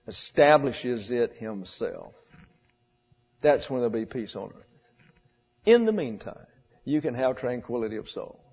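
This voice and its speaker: A male pastor with a husky, medium-pitched voice delivers a blunt, wry sermon, throwing rhetorical questions at his congregation. The church recording sounds dull and muffled, with a long echo trailing each phrase.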